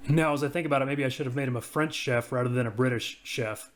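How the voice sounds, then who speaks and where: A man casually talking through each click as he walks through a software demo. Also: mid-range voice, fast talker. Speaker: software reviewer. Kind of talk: screen-recorded software walkthrough.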